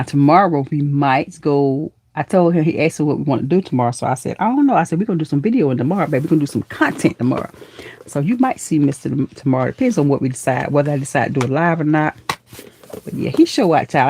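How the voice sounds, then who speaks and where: A woman with a fairly low voice chats through a live stream, warm with her viewers and full of honey, baby and girl. Her pitch leaps up when she greets people. The sound is dry and close, with no room around it. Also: dry recording. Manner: lively, with pitch leaping up in excited greetings.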